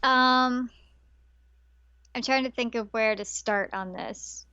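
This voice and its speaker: Female co-host, higher voice, animated chatty recap, dry muffled podcast audio. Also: slow, clear, resonant tone, dry recording. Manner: animated, acts out characters' lines with laughs. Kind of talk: casual anime review chat.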